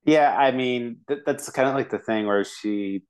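A man's voice: mid-range voice, moderate pace, darkish tone. A man co-hosting a movie podcast, talking casually with lots of restarts and fillers. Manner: rambling, many restarts and fillers. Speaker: podcast co-host. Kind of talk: casual movie review chat.

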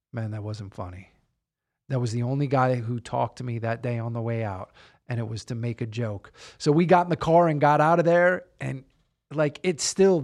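A man, a guest on an interview podcast, tells a personal story conversationally and acts out the quotes as he goes. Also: medium pitch. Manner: animated retelling, acts out quotes.

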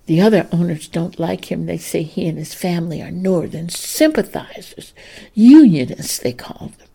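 A woman's voice: fairly low pitch, moderate pace, vocal fry, breathy edge, exaggerated voice. A woman voicing a spirited, emotional young plantation-owner's daughter in a period story. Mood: secretive. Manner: emotional and pleading, lively.

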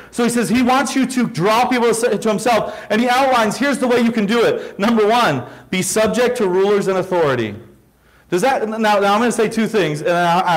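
Male pastor, high-pitched, emphatic sermon delivery full of rhetorical questions. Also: low-quality recording.

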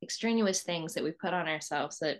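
This woman hosts an interview as a podcast host, speaking a little fast in a low-pitched voice. The conversation is casual, and she rambles effusively, repeating words while she thinks.

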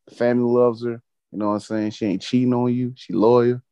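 A man's voice: medium pitch, level tone, brisk, mellow, clean tone, no echo, lo-fi sound. A man hosting a casual podcast chat, telling stories animatedly with slang and profanity. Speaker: podcast host.

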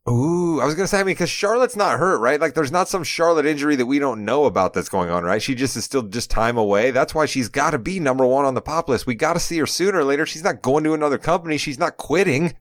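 A man co-hosting a casual podcast about wrestling over a remote call. He talks in an animated, joking way and wanders off into long asides. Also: fairly high pitch, quick pace, hardly any pauses, no echo, studio quality. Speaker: podcast co-host.

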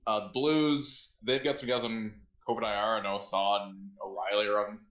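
A man with a lowish voice talks sports in a casual, laid-back way, hedging with lots of uhs. He sounds like he's in an echoey room. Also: flat delivery, moderate pace, fairly bright tone. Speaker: podcast co-host.

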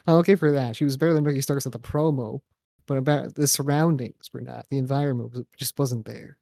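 A man's voice: medium pitch, fairly even intonation, quick pace, vocal fry, warm tone, no echo, clean studio sound. A young man co-hosting a casual wrestling podcast, sarcastic and jokey, swearing freely. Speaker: podcast co-host. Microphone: microphone and headphones.

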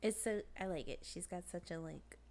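A woman's voice: lowish voice, moderate pace, darkish tone, slight background noise. A young woman in casual chat, teasing and pushy, laughing a lot.

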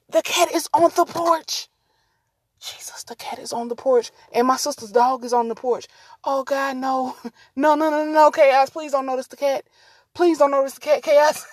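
Her voice pitched slightly high, a woman runs a relaxed solo podcast, wandering off topic easily and calling her listeners y'all. The audio is close-miked and dry, with no room echo.

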